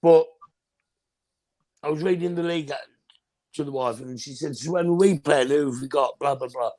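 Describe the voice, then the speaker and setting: A man's voice: fairly high pitch, normal speed, dark tone, no room sound. A man chatting casually on a football fan show, joking and telling anecdotes.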